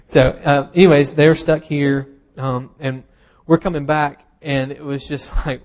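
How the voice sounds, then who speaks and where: A man preaching a sermon in a relaxed, conversational way, with wry humorous asides and plenty of fillers. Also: on the high side, slow pace. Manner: casual and self-deprecating, with humorous asides and frequent fillers.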